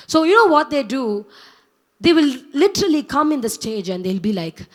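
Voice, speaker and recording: A young woman with a very high voice preaches to a church congregation. She speaks earnestly and urges her listeners, and she repeats her key lines for emphasis. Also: lively intonation, moderate pace. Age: young adult. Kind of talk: sermon.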